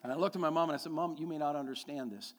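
A man's voice: on the high side, racing, in a large hall. A middle-aged man preaching a sermon as a pastor, telling a personal story and building to emphatic, repeated declarations.

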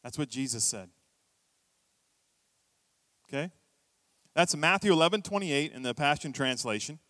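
Animated storytelling male preacher in a hall. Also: on the high side, unhurried, long pauses. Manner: storytelling, animated, acts out quoted voices. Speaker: pastor. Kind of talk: sermon. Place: church hall.

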